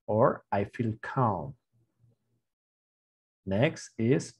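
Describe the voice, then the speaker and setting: A man teaching an online class for beginners, speaking slowly and repeating each word with hesitant fillers. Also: lowish voice, expressive, darkish tone, slightly rough, lo-fi sound. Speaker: English teacher. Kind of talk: slow online language lesson with gestures.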